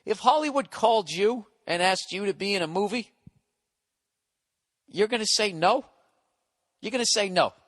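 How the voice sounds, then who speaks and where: A man's voice: high voice, expressive, moderate pace, pauses often, fairly bright tone, long reverb tail. A man in his forties hosting a podcast, ranting in a sarcastic, profane, combative way. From United States. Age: 40s. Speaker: podcast host.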